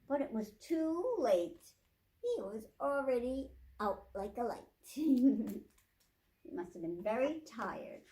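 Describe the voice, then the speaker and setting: Slow, gentle woman reading to children. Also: on the high side, very animated. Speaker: children's librarian. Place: public library.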